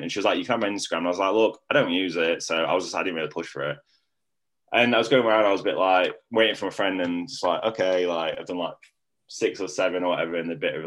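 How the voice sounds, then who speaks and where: A young man talks with a low, deep voice. He rambles through a casual story, leaning hard on filler words as he goes. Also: a bit bright.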